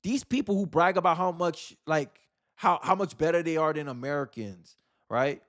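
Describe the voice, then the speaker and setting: A man with a fairly high voice talks on his own livestream. He delivers opinionated political commentary with heavy emphasis, often circling back to repeat a phrase for effect. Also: moderate pace, faint music behind. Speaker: livestream host.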